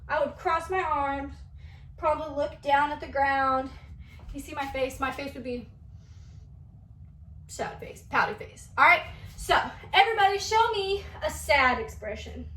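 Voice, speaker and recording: Bright, high-voiced dance teacher woman. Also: measured pace, recorded from a distance, slight background noise. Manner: animated, coaxing, speaking to young children. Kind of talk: kids' movement class demonstration. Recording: echoey room, voice away from mic.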